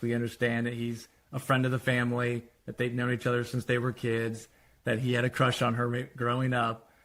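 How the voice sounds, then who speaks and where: A man, a screenwriter, walking through a screenplay treatment in a lively retelling that quotes the characters. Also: medium pitch. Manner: animated retelling, quoting characters.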